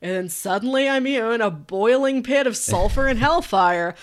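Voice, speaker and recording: A woman's voice: on the high side, lively intonation, normal speed, lightly acted. A woman voicing a distraught male demon who whines and mopes over his lost best friend. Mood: mopey.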